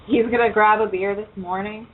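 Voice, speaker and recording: A woman's voice: mid-range voice, fairly even intonation, fairly quick. A woman hosting a casual internet radio show. She talks loosely and swears often. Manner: loose, profane, chatty. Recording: tinny phone-like line with faint hiss.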